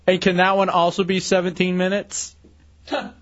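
A man's voice: high-pitched, monotone, normal speed. A man co-hosting a radio show, mocking and sarcastic in casual banter. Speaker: radio co-host. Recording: muffled radio broadcast with faint music.

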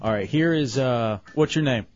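A male radio host in casual banter, crude and joking, getting loud when he announces contests. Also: medium pitch, moderate pace, muffled recording, faint music behind.

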